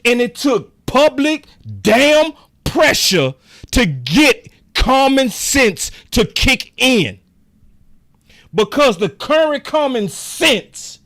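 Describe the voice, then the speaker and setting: A man's voice: very high voice, sing-song, drawn-out words, a bit bright. A man ranting heatedly as a sports commentator, repeating himself for emphasis in a fan vlog. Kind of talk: fan rant about a football game.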